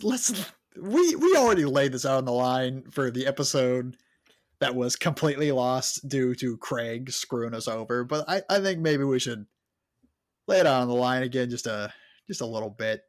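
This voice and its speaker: A man's voice: medium pitch, lively intonation, normal speed, no room sound, studio quality. A man hosting a podcast in casual chat, rambling with restarts and laughing often. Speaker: podcast host, book reader.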